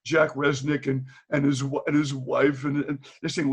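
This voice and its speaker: On a video call, a retired teacher from Boston, an older guest, spins candid tales in a husky, mid-range voice at a moderate pace. He is an animated storyteller who acts out quoted dialogue and laughs often.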